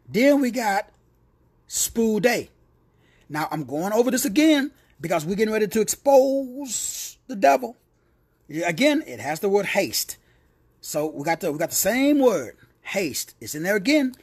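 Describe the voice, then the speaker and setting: A man leads a word study like a sermon, with a fairly high, husky voice. His pitch rises and falls widely as he repeats phrases and calls out listeners one by one. He breaks off into playful, teasing asides. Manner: animated, repetitive, calls listeners by name. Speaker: spiritual word-study teacher. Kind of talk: preacher-style lecture.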